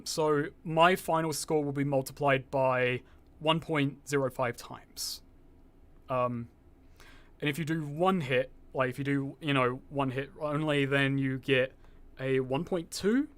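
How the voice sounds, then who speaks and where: Speaking a little slowly in a voice that's a little high and a bit bright, a young man streams a game. He chats casually with viewers, rambling, swearing freely and reading chat aloud, with a slightly posh sound.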